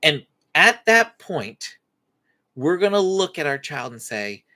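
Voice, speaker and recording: A man with a highish voice who speaks slowly hosts a live-stream parenting Q&A as a parenting coach. He offers faith-based advice in an animated way, acting out lines for both parent and child.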